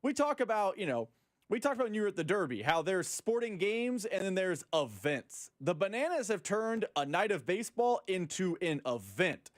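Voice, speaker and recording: A man's voice: sits high, big pitch swings, normal speed, no room sound, studio quality. A man co-hosting sports talk radio, explaining his opinions in a casual way.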